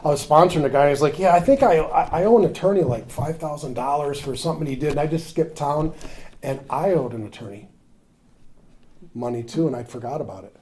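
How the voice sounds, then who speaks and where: A man's voice: fairly high pitch, fairly quick, slight background noise. Man telling a confessional recovery story. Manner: confessional, drops to a near whisper in tender moments; animated when acting out conversations. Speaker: recovery meeting speaker. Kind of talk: storytelling talk at a recovery workshop.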